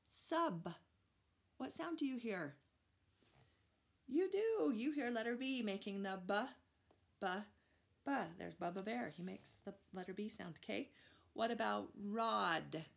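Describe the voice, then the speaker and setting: Preschool teacher, female; unhurried, slightly fried voice; encouraging phonics lesson delivery. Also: medium pitch, expressive, vocal fry. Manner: upbeat, encouraging, drawn-out sounds. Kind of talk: phonics lesson for young children.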